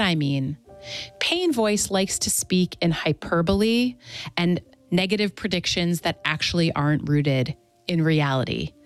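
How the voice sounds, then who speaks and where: A woman who treats chronic pain, answering interview questions in a clear, earnest teaching tone. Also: on the low side. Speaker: pain therapist.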